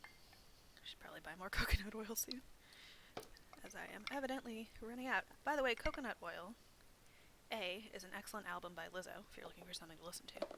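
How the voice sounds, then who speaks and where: Amid heavy noise, a young library program host talks a little fast at medium pitch, with vocal fry. Demonstrating a craft, she's chatty and self-deprecating, using plenty of "um" and "like."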